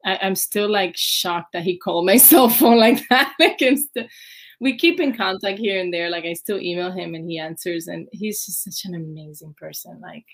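A woman's voice: fairly low pitch, normal speed. A woman, a ballet dancer, chatting as an interview guest and acting out her own past reactions with lots of fillers. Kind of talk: casual interview storytelling.

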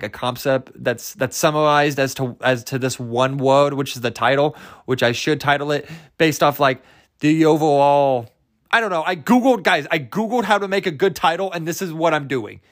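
A man's voice: on the high side, a bit bright, dry recording, clean studio sound. A young man hosting a solo podcast, rambling in a goofy, self-amused way and laughing at his own jokes. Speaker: podcast host.

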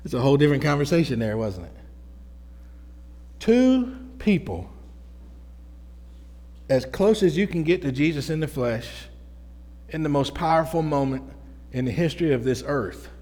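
A man preaching a sermon as pastor, talking to the congregation in an energetic, conversational way with frequent restarts. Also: a little high, moderate pace, long pauses. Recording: hall reverb.

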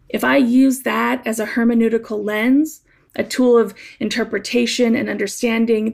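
A woman giving a gentle, thoughtful, conversational reflection on scripture, like a spoken essay. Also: on the high side, vocal fry.

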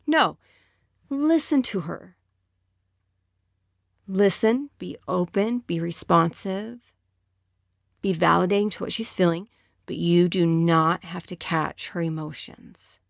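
A woman's voice: on the low side, slow, creaky, pauses often, no room sound. Earnest woman giving advice, dry sound. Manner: earnest, conversational, emphatic. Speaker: relationship advice speaker. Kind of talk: advice talk to women.

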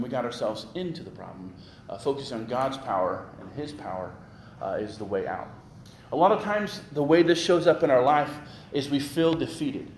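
A man preaching a sermon in a conversational, joking style, quoting scripture and getting lively as he makes his points. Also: mid-range voice, roomy sound, a little hiss or hum. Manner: conversational, jokey, animated preaching. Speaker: pastor.

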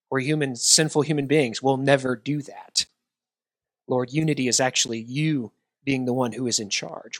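A man's voice: medium pitch, a bit bright, no echo. A middle-aged male pastor preaching a sermon, talking conversationally and self-deprecatingly before an earnest prayer.

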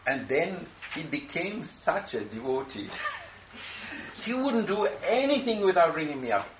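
A man's voice: fairly high pitch, normal speed. A man, a spiritual teacher, telling a story to a gathering and acting out the voices in it. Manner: animated, acts out quoted dialogue. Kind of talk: storytelling answer to a question. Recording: echoey room, distant mic, noisy ambience.

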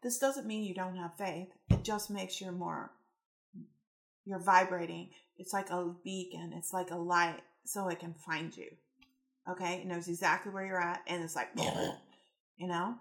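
A woman in casual spiritual-coaching talk, with a low, gravelly voice. She speaks in an animated, rambling way and slips into acting out the voices in her stories. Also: measured pace. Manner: animated, acts out quotes, rambling.

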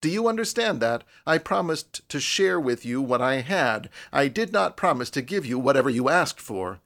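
A man's voice: medium pitch, big pitch swings, moderate pace, a bit bright. Guy reading a proud broke young artist, lecturing and self-important, storybook style. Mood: stern. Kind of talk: audiobook character reading.

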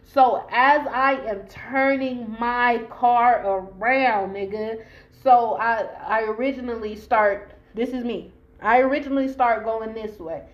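A woman's voice: a little high, measured pace, highs cut off. A woman from Long Beach, California, telling a personal story to camera in an emphatic, profane way, addressing her listeners directly. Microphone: camera mic while filming herself.

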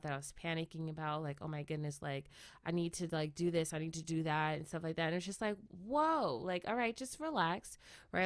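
A woman with a lower-pitched voice recounts a personal experience in a loose, rambling way, scattering "like" and "right?" through every thought. Her tone is reflective, and the sound is dry and close, with no room around it. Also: dry recording. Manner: rambling, many "like" and "right?" tag questions; reflective, laughs often. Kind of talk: casual personal storytelling.

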